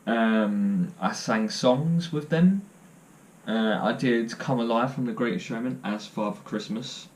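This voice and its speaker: A man's voice: mid-range voice, a little slow. A young man telling stories to camera in a casual vlog, joking and self-deprecating as he rambles. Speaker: vlogger.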